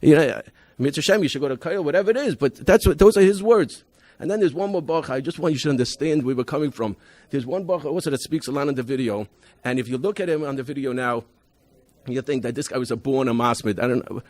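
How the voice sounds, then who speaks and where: The recording is dry, and the man's medium-pitched voice is fast and a little mellow. A rabbi presenting a school program at a convention, he tells emphatic student stories, often restarting and using Hebrew and Yiddish expressions.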